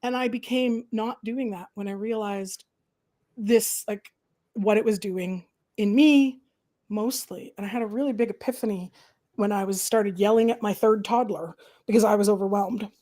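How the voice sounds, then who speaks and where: A middle-aged host from the Canadian prairies leads a casual chat at normal speed with a medium-pitched voice. She's animated and acts out small quoted voices.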